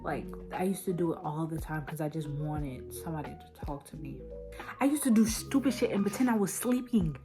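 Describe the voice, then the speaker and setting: A woman's voice: deep voice, lively intonation, a little fast, music in the background. A young woman talking candidly and emotionally to her camera in a casual vlog. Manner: candid, emotional, swings from quiet to loud. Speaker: vlogger.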